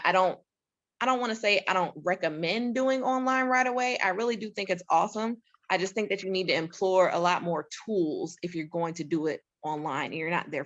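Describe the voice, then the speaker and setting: A woman's voice: fairly low pitch, fairly bright tone, lo-fi sound. A woman giving a casual, chatty talk as a real estate investor, laughing often.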